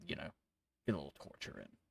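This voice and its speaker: A man's voice: fast talker, fairly bright tone. A man narrating as game master in a tabletop game, casual and rambling, swearing freely.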